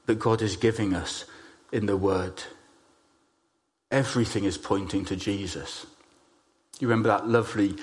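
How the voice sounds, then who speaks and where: A man preaching a sermon, telling stories and stressing key phrases slowly. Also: lowish voice. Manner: storytelling, emphatic with slow stressed phrases.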